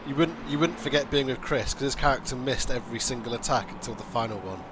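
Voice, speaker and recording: A man's voice: mid-range voice, fast talker, noisy background. A man joking and telling stories with his sim racing teammates in casual voice chat, laughing often.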